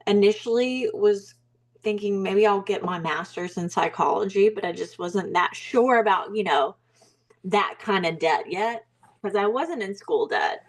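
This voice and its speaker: A young woman with a Southern accent talks through her answers slowly and thoughtfully. She pauses often with fillers and restarts her sentences as she speaks. Her voice sits at a middle pitch. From Alabama, US. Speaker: mindset coach, guest. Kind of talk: casual interview talk.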